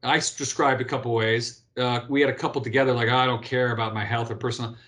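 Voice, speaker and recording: Animated storytelling man in his fifties. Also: mid-range voice, fast. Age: 50s. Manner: animated storyteller, frequent restarts and "right?" tags. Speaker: guest, former pro beach volleyball player. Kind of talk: casual interview talk.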